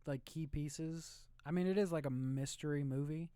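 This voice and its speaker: A man's voice: on the high side, fairly even intonation, moderate pace, mellow, smooth, no room sound. A young man co-hosting a podcast, laid-back and wry, chatting casually. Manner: laid-back, short agreeing replies, wry. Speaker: podcast co-host. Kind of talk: casual chat.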